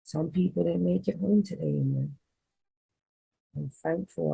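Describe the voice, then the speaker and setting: A woman's voice: on the low side, measured pace, vocal fry, long pauses, mellow, breathy edge, poor audio. A woman, a spiritual reader telling an emotional personal story in a rambling, heartfelt way on her vlog.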